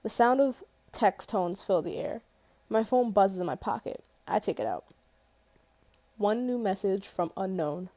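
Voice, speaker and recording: A woman's voice: medium pitch, lively intonation, normal speed, warm tone, no echo. A woman reading a first-person novel aloud in a casual way, correcting her slips and swearing at them. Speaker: audiobook reader.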